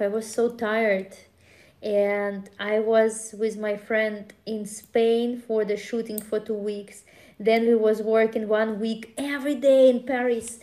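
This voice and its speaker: Slow-talking woman streamer chatting casually. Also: a little high, darkish tone. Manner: rambling, laughing, with acted outbursts. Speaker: live streamer. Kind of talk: casual chat with viewers.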